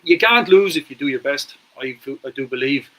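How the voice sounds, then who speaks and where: A man's voice: fairly high pitch, expressive, moderate pace, fairly bright tone, low-quality recording. Earnest Irish man hosting a podcast. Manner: earnest and persuasive, repeats words when stressing a point. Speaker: podcast host. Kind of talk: conversational interview.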